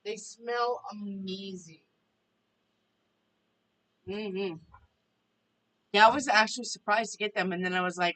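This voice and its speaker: A woman's voice: mid-range voice, unhurried, long pauses, a bit bright, low-quality recording. A woman hosting a casual live stream, chatting to viewers and reading their questions aloud. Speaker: tarot reader and live stream host.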